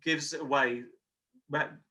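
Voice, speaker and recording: A man's voice: fairly high pitch, fairly even intonation, a little slow, sharp tone. A man explaining history as an interview guest, patiently, with examples.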